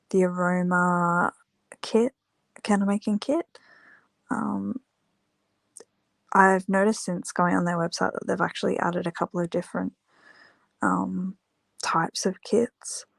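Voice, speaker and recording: A woman's voice: fairly low pitch, little pitch movement, vocal fry, dry recording. A tired woman vlogging casually about her candle business, rambling with lots of fillers. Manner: rambling, many fillers, unhurried. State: tired, yawning. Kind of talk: casual chat to camera.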